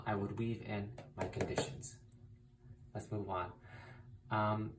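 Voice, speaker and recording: A man's voice: fairly low pitch, level tone, unhurried, long pauses, distant mic, noisy background. A man teaching a spiritual writing technique in a casual, emphatic way, repeating key phrases and swearing mildly for emphasis. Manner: emphatic, repetitive, uses mild swearing. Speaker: spiritual content creator. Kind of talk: casual instructional vlog.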